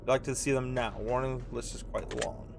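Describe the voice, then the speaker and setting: A man's voice: medium pitch, fairly even intonation, brisk, creaky, a little hiss or hum. A man hosting a gaming video, reading on-screen game text aloud with casual commentary.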